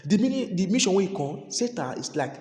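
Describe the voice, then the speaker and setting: A man with a Nigerian accent preaching a sermon, repeating and restarting words, moving between loud exhortation and quiet asides. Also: high voice, big pitch swings, brisk. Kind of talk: sermon in Pidgin. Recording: echoey hall reverb.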